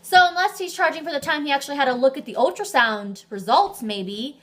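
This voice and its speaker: A young woman with a fairly high voice talks straight to the camera as a vlogger. She chats casually and tells her story with lots of animation, slipping in the occasional swear word. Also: animated, a little fast. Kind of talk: casual chat.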